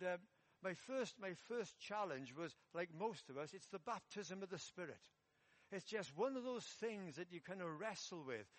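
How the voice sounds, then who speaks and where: A middle-aged man from England preaching in a church, telling a personal story in a relaxed, conversational way with self-deprecating humour. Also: sits high.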